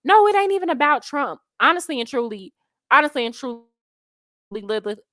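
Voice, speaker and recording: The voice is high, sing-song, and fairly bright, moving a little fast, recorded as clean studio sound without room noise. It belongs to an American woman living in Colombia who hosts a casual travel livestream, bubbling through viewer comments with slang and frequent laughter.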